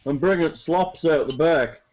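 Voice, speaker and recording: A simple servant lad voiced by a man in a tabletop role-play, chatty and quick to panic. He talks in a folksy way, dropping "me" for "my". The voice sits a little high for a man. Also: darkish tone, natural voice. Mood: puzzled. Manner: folksy, says "me" for "my", calls out to his lads. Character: simple male servant hauling slops, chatty, easily alarmed.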